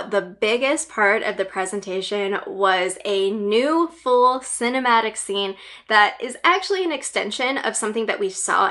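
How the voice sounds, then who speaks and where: A woman's voice: mid-range voice, bright, forceful tone. A woman hosting a gaming news channel, giving an enthusiastic fan's casual recap with lots of fillers and giggles. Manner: chatty, with frequent fillers and giggles; enthusiastic fan.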